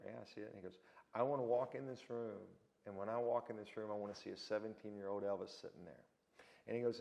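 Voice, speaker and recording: A man with a gravelly voice pitched on the low side tells stories as a guest in a casual interview. He brings his anecdotes to life by acting out whoever he quotes.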